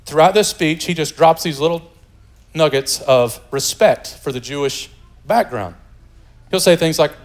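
A pastor from the United States preaching a sermon in a lively, joking, conversational way. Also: male voice, on the high side, measured pace.

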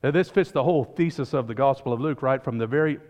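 Male preacher mid-sermon, mid-pitched, dynamic delivery with emphatic peaks and quiet drops, reverberant hall. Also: fast talker. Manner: animated, rising to emphatic peaks and dropping to hushed lines. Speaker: pastor.

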